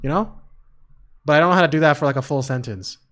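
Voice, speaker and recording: Rapid-fire and a little high, with a bit of brightness, this man's voice narrates a game stream as casual let's-play commentary. He rambles, pokes fun at himself, and swears frequently, with background music playing.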